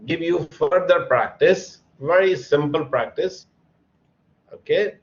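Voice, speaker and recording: A man's voice: fairly high pitch, slow, lo-fi sound. A man teaching an English lesson, patiently calling on students by name and encouraging them. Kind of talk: online classroom lesson.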